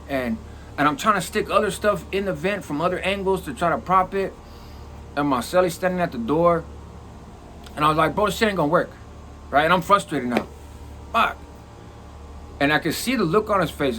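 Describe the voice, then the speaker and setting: Animated man telling a prison story. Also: a little high, a little hiss or hum. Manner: animated, profane, acts out quoted lines. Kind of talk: casual storytelling.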